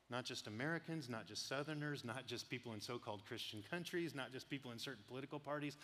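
A man preaching a sermon, telling animated personal stories and laughing often. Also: medium pitch, fast, few pauses, big-room sound. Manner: animated storyteller, laughs often, quotes people. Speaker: pastor.

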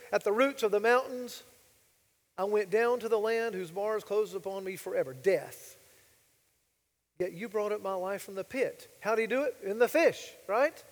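A man's voice: very high-pitched, long reverb tail. A male pastor preaching a sermon, emphatic and full of rhetorical questions to the congregation.

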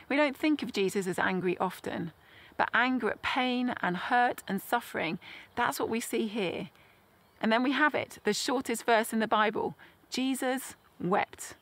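Earnest woman preaching gently. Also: medium pitch, vocal fry. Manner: gentle, earnest, slows down on key phrases. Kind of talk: sermon.

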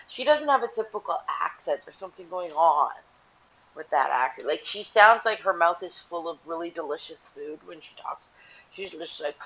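A woman's voice: on the low side, moderate pace, muffled recording. A woman hosting her own show from home, chatting casually and unscripted in a rambling, gossipy way. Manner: rambling and gossipy, with lively swings. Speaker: host.

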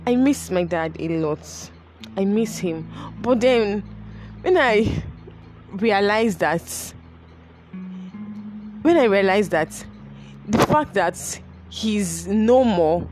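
A woman's voice: mid-range voice, darkish tone. A young woman tells a personal story, emotional, repeating her phrases and laughing between sentences.

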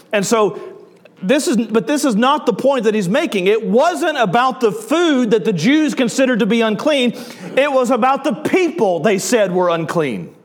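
High-voiced Southern preacher. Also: male voice. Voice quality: conversational, asks the audience questions. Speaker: pastor. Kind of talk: sermon.

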